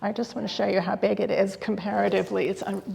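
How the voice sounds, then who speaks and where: A woman's voice: medium pitch, little pitch movement, fast, vocal fry, a crowd in the background. A woman curator talking in an interview, enthusiastic and hesitant, with many fillers and restarts. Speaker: guest curator. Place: exhibit hall. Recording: long hall reverb.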